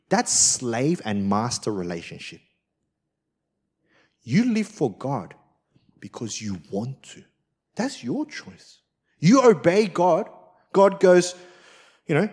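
A male pastor delivering a sermon, telling a personal story with lively swings between loud emphasis and quiet, soft lines. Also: on the high side, husky. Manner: acts out quoted voices.

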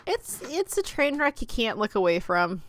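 A woman with a somewhat high voice co-hosts a casual podcast, trading sarcastic jokes with her partner. Her voice is recorded close and dry, with no room sound. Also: very animated, moderate pace, dry recording. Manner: sarcastic, joking. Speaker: podcast co-host. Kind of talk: casual chat.

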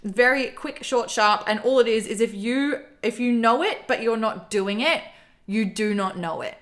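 A woman's voice: on the high side, moderate pace, fairly bright tone. A woman co-hosting a podcast, chatting casually in an upbeat, motivational way with lots of "like". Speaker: podcast co-host.

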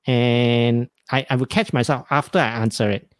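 A man in his forties spins loose, self-mocking anecdotes on a podcast, chuckling as he goes. His voice sits at an ordinary middle pitch. The recording is close and dry, with no room sound. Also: steady tone, normal speed, dry recording. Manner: rambling, self-mocking, laughs often. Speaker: podcast host. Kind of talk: casual comedic storytelling.

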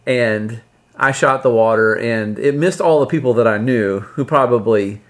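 A man telling a comic anecdote in a casual podcast style. His voice sits at an ordinary middle pitch. He pokes fun at himself as he goes. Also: moderate pace. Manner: humorous, self-deprecating. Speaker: storyteller on a podcast. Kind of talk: casual storytelling.

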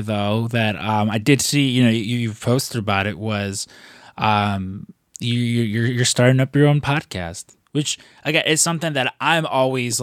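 A male podcast host at mid pitch keeps stumbling and restarting his sentences, padding them with "you know." His voice sits close and dry, with no room around it. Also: dry recording. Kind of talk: casual podcast interview.

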